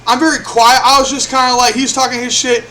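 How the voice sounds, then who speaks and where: Young man, very high voice, bright and sharp, casual storytelling, profane, faint hiss. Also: fast. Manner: animated, profane, acts out quotes. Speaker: vlogger.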